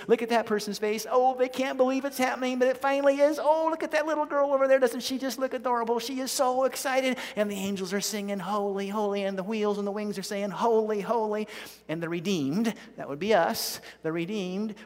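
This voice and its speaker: A man with a high voice preaches a sermon as a vivid story, his delivery rising to loud peaks. His voice rings out with a long hall reverb.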